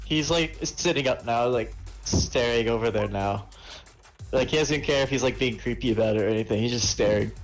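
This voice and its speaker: A man's voice: medium pitch, normal speed, faint music behind, poor audio. A man playing in a tabletop game, describing his character's actions loosely. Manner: loose, describing with many likes. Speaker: player. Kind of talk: casual tabletop game play.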